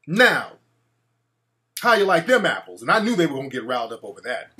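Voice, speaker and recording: A man's voice: medium pitch, very animated, a little fast, bright, forceful tone. Man, talk show host, ranting, brash, profane, mocking.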